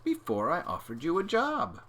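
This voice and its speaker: A man's voice: fairly high pitch, moderate pace, voice pushed up, heavily acted. A man doing a bossy girl detective. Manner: confident, bossy, calm. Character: bold young girl detective.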